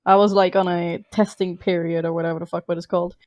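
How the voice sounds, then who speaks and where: A woman's voice: lowish voice, little pitch movement, fast talker, a little mellow, dry recording. Sarcastic Norwegian-native woman, dry close sound. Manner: blunt, sarcastic, lots of swearing. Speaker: podcast guest. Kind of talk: casual chat.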